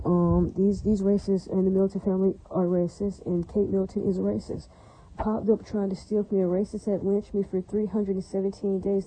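A vlogger with a mellow, mid-range female voice speaks to her viewers in a long, angry, rambling rant. She repeats herself and keeps asking "does that make sense." The recording is rough.

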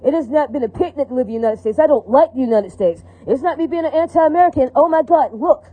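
A woman's voice: high voice, animated, quick pace, no echo. A woman ranting in a rambling, profane, repetitive monologue. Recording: tinny phone-like audio, dry.

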